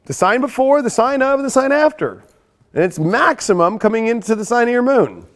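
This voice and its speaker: High-voiced guy doing his weekly astrology rundown, cussing a lot, gets hyped then goes all hushed and serious. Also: fairly quick. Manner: excitable, profane, swings between hyped and hushed. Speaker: astrology show host. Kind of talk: casual astrology forecast.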